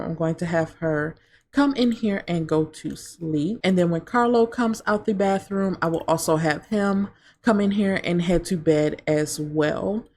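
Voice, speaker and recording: A woman's voice: mid-range voice, darkish tone. A woman giving casual gameplay commentary, chatty, retelling scenes as she plays. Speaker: gaming video creator.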